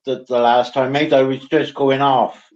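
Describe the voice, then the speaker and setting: A man hosting a live stream, speaking in a halting, apologetic way. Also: mid-range voice, flat delivery, muffled recording, a crowd in the background. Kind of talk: casual chat on a live stream.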